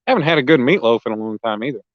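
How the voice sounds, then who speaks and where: A laid-back man livestreams from an outdoor riverbank at night, casually talking with live viewers, reading chat out loud and frequently clearing his throat. His medium-pitched voice is lively and racing, with no room sound and clipped highs.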